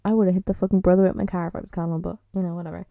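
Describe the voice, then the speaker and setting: Woman with a low, gravelly voice. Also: little pitch movement, racing, no echo, narrow, tinny audio. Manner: swears freely, lots of "like" and "um", blunt and opinionated. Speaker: podcast host. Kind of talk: casual solo chat reviewing a TV series.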